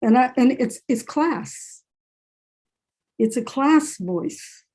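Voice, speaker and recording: A woman's voice: high-pitched, animated, slow pace, a little mellow, husky. A woman who is a writer and English professor, talking candidly in a panel discussion over a video call and repeating phrases for emphasis.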